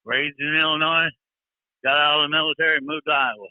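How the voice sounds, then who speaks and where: A man playing a gruff, profane older trucker caller with a Southern accent, drawling and touchy. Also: a little high, fairly even intonation, fairly quick, no room sound, lightly acted. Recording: tinny phone line.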